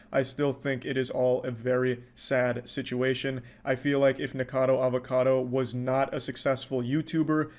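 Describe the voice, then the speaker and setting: A man giving calm, measured commentary to camera. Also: medium pitch.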